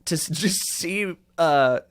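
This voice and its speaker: A man's voice: on the high side, slow pace. A man co-hosting a casual movie review podcast, joking and trailing off into muttered asides. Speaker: podcast co-host.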